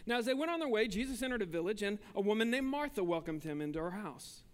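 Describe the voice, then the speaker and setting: High-voiced pastor preaching in a reverberant hall. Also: male voice, expressive, fast talker. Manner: conversational preaching, swinging between emphatic and hushed. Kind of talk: sermon.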